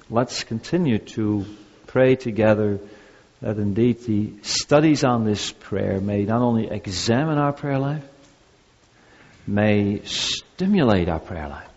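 A man's voice: medium pitch, measured pace, darkish tone. Man preaching in a reverberant church. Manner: earnest, repetitive preaching cadence with shifting emphasis. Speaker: pastor. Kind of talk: sermon. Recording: dull, echoey church recording.

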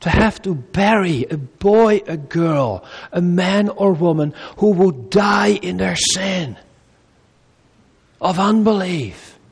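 A male pastor delivering a sermon, swinging between raised, urgent appeals and low, quiet pleading, with measured pauses and repeated phrases. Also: lively intonation, vocal fry, husky. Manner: preaching with wide swings between loud high appeals and low quiet pleas.

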